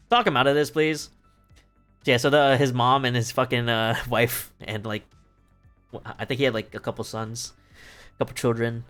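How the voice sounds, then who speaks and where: A man's voice: medium pitch, level tone, moderate pace, long pauses, a bit bright, clear, resonant tone. A young man streaming, casually retelling a play in a rambling, profane way, laughing often. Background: faint music.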